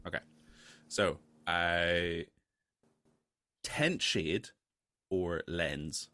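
A man hosting a podcast, calmly explaining the rules of a game in a measured way. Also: sits low, dry recording. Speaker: podcast host. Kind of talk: casual chat.

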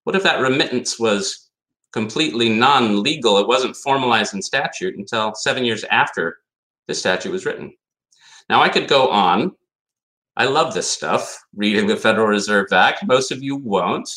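Male lecturer, bright tense tone, emphatic, keeps throwing rhetorical questions at the room. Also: lowish voice, animated, moderate pace. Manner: reads statute passages aloud. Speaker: conference speaker on law. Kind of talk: academic lecture.

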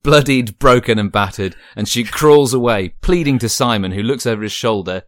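A man's voice: mid-range voice, moderate pace, no echo, studio quality. A man co-hosting a comedy podcast, playfully narrating an improvised horror story. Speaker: podcast co-host.

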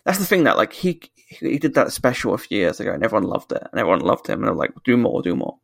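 A man's voice: fairly low pitch, very animated, fast, vocal fry, breathy edge, no echo. A British man co-hosting a podcast, ranting in casual chat with lots of swearing and restarts. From United Kingdom. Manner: ranting, sweary, self-correcting. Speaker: podcast co-host.

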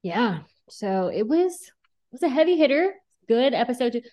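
A woman's voice: fairly high pitch, big pitch swings, normal speed, dull audio. A woman podcast co-host giving her opinions in loose casual chat, with fillers and slang.

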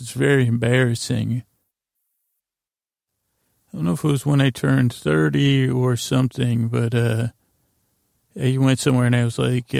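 A podcast host with a deeply gravelly, fry-heavy voice meanders through a scene-by-scene recap, stumbling over words and paraphrasing characters. His delivery stays level and flat, recorded close and dry. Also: no echo. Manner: meandering, full of fillers and restarts. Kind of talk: rambling episode recap for sleep.

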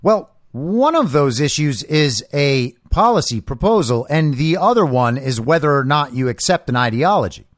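A man's voice: a little high, animated, moderate pace, few pauses, dry recording, studio quality. A man hosting a political commentary show, delivering an opinionated monologue in a sarcastic, mocking manner.

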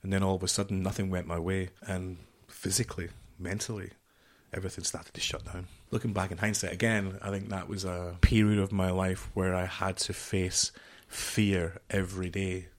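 A middle-aged man, a podcast guest, telling a story in an animated, swearing way and acting out the dialogue. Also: deep voice, moderate pace. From United Kingdom.

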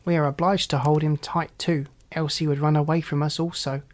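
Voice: mid-range voice, little pitch movement, brisk, close to an everyday voice. A fierce little robber girl who gives orders bluntly, as a storyteller reads her part. The voice stays close to the reader's own, and the speech is commanding and plain. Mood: bossy. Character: young robber girl, wild and bossy.

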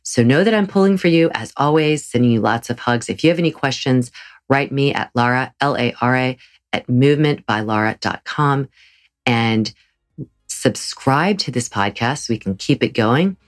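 With a bass voice, lively intonation and a moderate pace, this woman runs her own podcast as a yoga teacher. Alone on the episode, she sounds earnest and encouraging, frequently starting over mid-thought.

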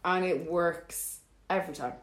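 A woman's voice: fairly low pitch, steady tone, a little slow, background noise. Laughing woman giving playful advice. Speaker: podcast co-host. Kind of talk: casual chat. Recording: roomy echo.

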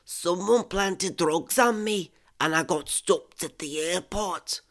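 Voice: medium pitch, takes it slowly, a bit bright, pitched above the performer's own voice. Someone voicing a pleading man on the phone.

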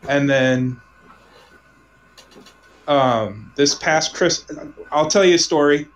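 Man, casual storytelling, rambling, restarts sentences, trails off softly. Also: a little high, slow, poor audio. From Omaha.

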